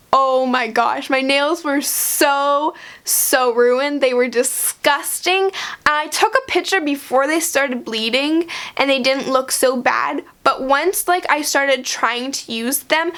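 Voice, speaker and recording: A woman's voice: sits high, fairly bright tone. A young woman vlogger chattily retelling a story, filling her sentences with "like" and laughing now and then. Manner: chatty, heavy use of "like". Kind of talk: storytime vlog.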